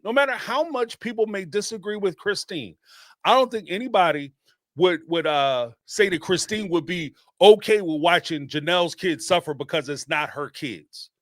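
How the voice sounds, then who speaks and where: A man's voice: sits high, no room sound, studio quality. A man hosting a live reality TV commentary, talking casually and emphatically and repeating points for effect. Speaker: host of a reality TV commentary channel.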